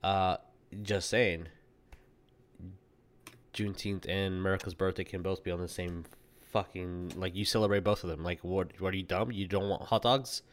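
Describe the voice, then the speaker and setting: A man's voice: sits low, fairly even intonation, normal speed, pauses often. A man co-hosting a tabletop game stream, making announcements in a rambling, joking way and swearing casually. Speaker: player and co-host.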